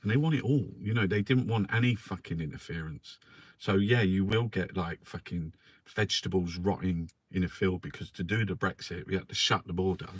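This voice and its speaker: A man's voice: deep voice, fairly quick, slightly rough, no echo. A man who reviews the newspapers in an angry, profane political rant. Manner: angry, profane, swears constantly.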